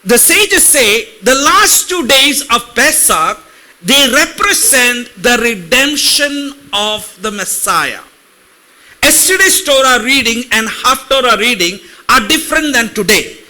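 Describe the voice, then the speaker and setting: High bright-voiced male preacher. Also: big pitch swings. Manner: talks directly to congregation with questions; reads Hebrew words slowly. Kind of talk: sermon teaching.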